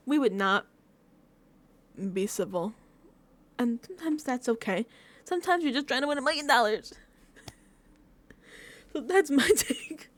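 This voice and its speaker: A woman's voice: fairly high pitch, animated, a little slow, long pauses, dry recording. A woman vlogging casual reaction commentary, rambling and repeating herself with lots of fillers. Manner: chatty, self-deprecating. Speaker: recap vlogger.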